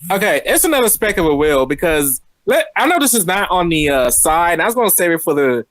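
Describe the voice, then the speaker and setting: A man's voice: high-pitched, big pitch swings, fairly bright tone, no room sound. A man co-hosting a casual wrestling podcast, rambling through his points and speeding up when he gets going. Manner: rambling, fast when worked up. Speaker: podcast co-host.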